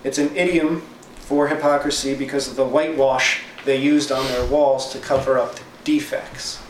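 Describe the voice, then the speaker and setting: A man's voice: mid-range voice, steady tone, moderate pace. A man teaching a casual Bible study, reading verses aloud and then paraphrasing them in plain, chatty terms. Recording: roomy echo, distant mic, faint noise.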